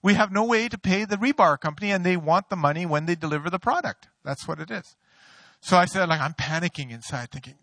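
A middle-aged man preaching a sermon, an animated storyteller who mocks himself and laughs often. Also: sits high, brisk, dry recording. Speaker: pastor. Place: church sanctuary.

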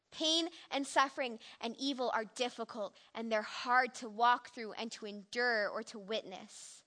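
A young woman with a high voice and sharp tone gives a devotional. Her personal testimony is earnest and reflective, delivered in the style of a sermon.

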